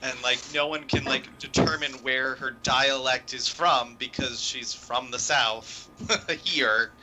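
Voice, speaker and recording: A man's voice: medium pitch, fairly even intonation, slow pace, background noise. A man chatting casually with hesitant phrasing and fillers. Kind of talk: casual chat.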